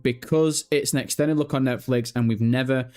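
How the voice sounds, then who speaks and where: A man's voice: medium pitch, fairly even intonation, normal speed, a little mellow, clean tone, faint music behind. A man chatting casually on a gaming news livestream, swearing freely and breaking into helpless laughter.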